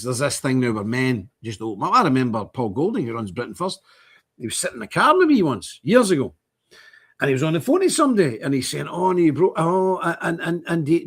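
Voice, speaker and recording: The host of a church channel's update stream is a middle-aged man with an Irish accent and a medium-pitched, slightly rough voice. He rambles casually and animatedly through a monologue, playing out snippets of dialogue.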